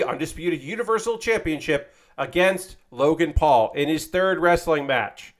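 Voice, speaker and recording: A man's voice: a little high, animated, measured pace, few pauses. A man streaming, casually chatting while he builds a model kit, rambling with lots of fillers and a bit of swearing.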